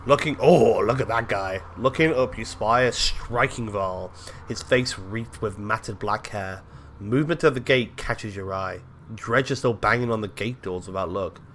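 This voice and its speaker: Excitable man streaming a game. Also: fairly low pitch, unhurried, a little hiss or hum. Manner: excitable, swears when surprised. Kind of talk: reading game text aloud between casual reactions.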